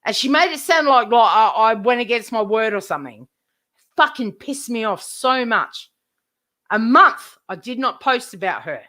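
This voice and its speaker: A woman's voice: fairly high pitch, expressive, normal speed, pushed and bright. A woman live streamer ranting to her chat, indignant, swearing heavily and repeating herself.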